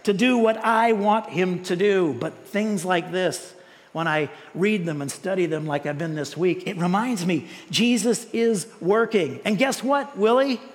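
A man preaches to his congregation, chatty and animated, doubling back on his words. His voice rings out with the long reverb of a large church hall. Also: sits high, measured pace. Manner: animated, conversational preaching with repeated words and rhetorical questions. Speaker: pastor. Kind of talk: sermon.

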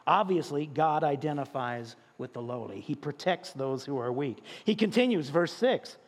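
A man preaching a sermon as pastor, with animated delivery and drawn-out emphasis on key words. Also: a little high. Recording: long reverb in a large hall.

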